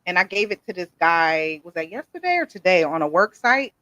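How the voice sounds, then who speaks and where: A woman's voice: fairly low pitch, animated, a little fast, fairly bright tone, no echo, lo-fi sound. A woman hosting a live-streamed podcast, playful and hyped, chatting with viewers. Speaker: podcast host. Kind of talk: casual live-stream chat. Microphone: streaming setup.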